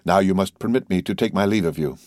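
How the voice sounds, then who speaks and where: A man voicing an urbane, composed middle-aged count in an audiobook, speaking with smooth, measured courtesy. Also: sits low, darkish tone, dry recording, clean studio sound, lightly acted. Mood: courteous.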